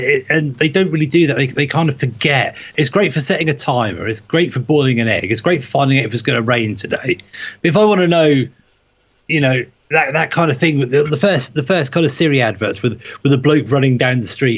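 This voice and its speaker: A man's voice: medium pitch, lively intonation, fairly quick, breathy edge, lo-fi sound. A man with a Norfolk accent co-hosting a tech podcast, talking through his opinions in a loose, rambling casual chat. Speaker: podcast co-host.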